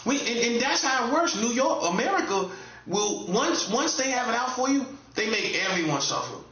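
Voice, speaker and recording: Very animated yet at a normal speed, a high-voiced North Carolina man comments online in a casual monologue, bright and forceful. He lectures the listener with repetition for emphasis, and the audio has a roomy, slightly dull quality.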